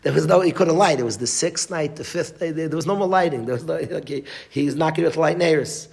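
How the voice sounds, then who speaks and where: A man's voice: a little high, quick pace, creaky, a little mellow. A man giving a Torah class as a rabbi, emphatic, repeating phrases and restarting mid-sentence, with Yiddish and Hebrew terms.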